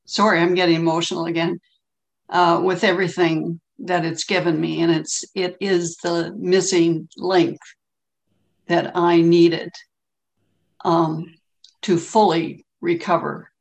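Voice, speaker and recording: Woman, emotional meeting share, halting and gravelly, slow. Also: on the low side, flat delivery, darkish tone. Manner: halting, many ums, tearful. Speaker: meeting participant sharing. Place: home, on a video call. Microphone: video call.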